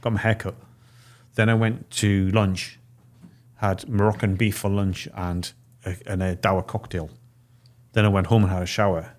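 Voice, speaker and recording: Low-voiced man telling a story. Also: level tone, normal speed, pauses often, darkish tone. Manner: vivid storyteller, acting out quoted dialogue. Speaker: podcast guest. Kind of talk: storytelling in casual chat.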